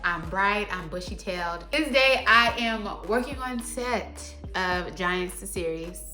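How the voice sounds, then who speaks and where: A young adult woman telling a story to her viewers in a casual, animated, slangy way. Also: medium pitch, unhurried, soft background music. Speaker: vlogger.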